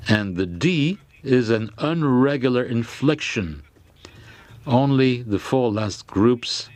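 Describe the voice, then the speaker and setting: Slow, hesitant male lecturer. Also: medium pitch, lively intonation, a little mellow. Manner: slow and hesitant, with frequent fillers and restarts. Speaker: lecturer on grammar. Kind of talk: halting lecture explanation.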